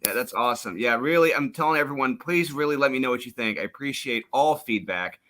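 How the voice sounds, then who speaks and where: A man on a comics panel who writes comics, excitable and prone to exasperated rants. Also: medium pitch, fast talker. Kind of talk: casual panel chat.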